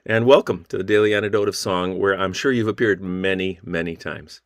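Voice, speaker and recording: A man hosting an online song gathering over a video call, warmly greeting viewers by name and town. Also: low-pitched, steady tone, fairly quick, dry recording, studio quality. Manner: friendly, reading out viewer names. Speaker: host. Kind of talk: online sing-along greeting.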